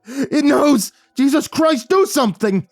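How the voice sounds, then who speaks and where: A man's voice: extremely high pitch, lively intonation, unhurried, no echo, soft background music, voice pushed up, heavily acted. A man voicing a terrified male prisoner, panicked and pleading. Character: terrified trapped male prisoner begging for help.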